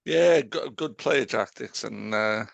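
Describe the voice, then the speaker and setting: A man co-hosting a podcast, talking casually with halting restarts. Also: medium pitch, gravelly, no room sound. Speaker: podcast co-host.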